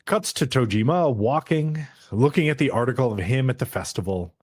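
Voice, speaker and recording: A man co-hosting a podcast, casually recapping an episode, acting out lines in quick mock voices and swearing freely. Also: medium pitch, animated. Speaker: podcast co-host.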